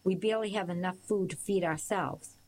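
A surly, hostile teenage boy, as a woman reader voices him, blunt and sneering. The reader keeps it close to her own lower voice. Faint hiss runs behind the storybook reading. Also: brisk, darkish tone, natural voice, poor audio. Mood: scornful.

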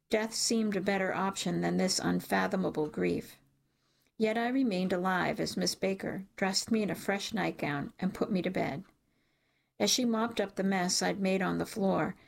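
A woman narrating a first-person audiobook in an emotional, measured way. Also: mid-range voice, vocal fry.

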